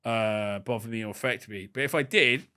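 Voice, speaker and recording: A man's voice: on the low side, moderate pace, clean tone. A man being interviewed on a podcast, talking boastfully and crudely, swearing freely and mimicking other people's voices when he tells stories. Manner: quotes others in lively put-on voices. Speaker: podcast guest. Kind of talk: casual interview.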